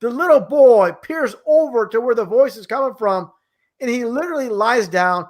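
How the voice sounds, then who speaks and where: A man's voice: extremely high pitch, animated, moderate pace. Guy rambling on in a chat, lots of restarts, sounds incredulous. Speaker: guest. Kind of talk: casual conversation.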